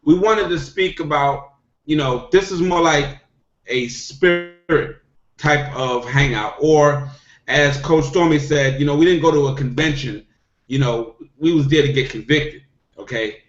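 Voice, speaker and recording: A middle-aged man speaks in a somewhat high voice, pressing his points and circling back to them with a repeated "okay?". The sound is dull and lo-fi from a video call, with an echoey room around him. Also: unhurried. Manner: emphatic, repetitive, punctuates with "okay?". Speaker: network marketing distributor. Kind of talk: motivational hangout talk.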